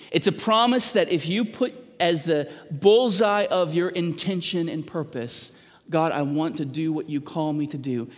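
Middle-aged pastor guy preaching, kinda high voice for a man, long echo from a big church hall. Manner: earnest preaching with frequent restarts, asks the congregation questions. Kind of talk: sermon.

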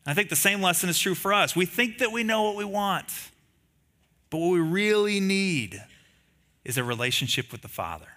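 Bright-voiced male pastor preaching conversationally. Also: high-pitched, moderate pace. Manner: conversational preaching with frequent rhetorical questions; animated storytelling, acting out quotes from the story. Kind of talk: sermon.

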